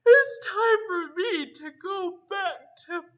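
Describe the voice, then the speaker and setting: A woman's voice: very high-pitched, slow, fairly bright tone, lo-fi sound, pitched above the performer's own voice, exaggerated voice. A woman voicing a sleepy, stubborn male groundhog in a children's story. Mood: cheerful.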